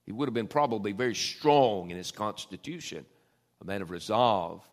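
A man's voice: on the low side, expressive, moderate pace. Folksy preacher man. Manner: folksy Southern preaching, swells loud then drops soft. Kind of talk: sermon. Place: church sanctuary.

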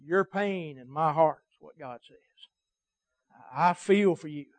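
A man's voice: fairly high pitch, a little slow, dry recording. A man preaching a sermon to his church, emphatic and cadenced, his volume swelling and dropping. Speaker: pastor. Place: church service.

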